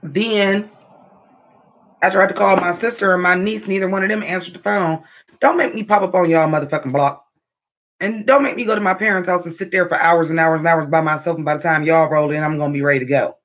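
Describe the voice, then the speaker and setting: A man chatting casually to his viewers on a livestream, animated and profane, talking straight at them. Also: sits high, fairly quick. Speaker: livestream vlogger. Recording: dull lo-fi livestream audio.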